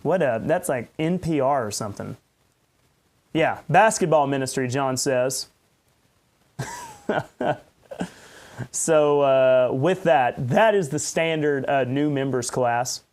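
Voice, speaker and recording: A man's voice: medium pitch, slow, pauses often, darkish tone. A man, a pastor hosting a podcast, rambling and ranting in unscripted commentary with sarcastic asides.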